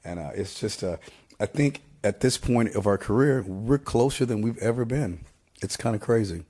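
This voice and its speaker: A man in his fifties, a band singer, chatting casually in an interview, relaxed, halting with fillers and often laughing. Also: fairly low pitch. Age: 50s.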